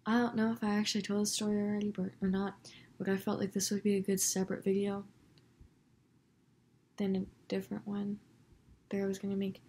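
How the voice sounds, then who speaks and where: A woman's voice: medium pitch, monotone, darkish tone. A teenage girl vlogger telling a story to camera in a chatty, casual way. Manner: chatty, quick, quotes people with put-on voices.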